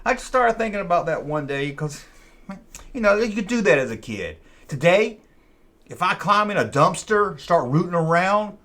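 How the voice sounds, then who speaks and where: A man's voice: high-pitched, very animated, moderate pace, fairly bright tone. Folksy man spinning a rambling yarn. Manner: rambling, folksy, repeats himself. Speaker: channel host. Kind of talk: casual storytelling.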